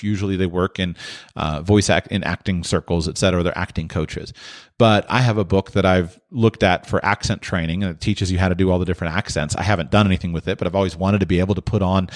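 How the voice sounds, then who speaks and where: A man hosting a podcast, answering listener questions in a thoughtful, explanatory way with frequent restarts. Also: low-pitched. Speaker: podcast host.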